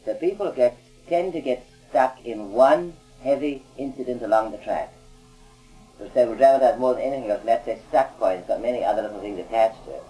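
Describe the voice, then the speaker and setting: Mellow-voiced man telling rambling anecdotes. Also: medium pitch, a little fast, soft background music, rough recording. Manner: conversational, rambling, frequent "you see" asides. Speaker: auditor recounting experiences. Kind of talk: anecdotal recorded talk.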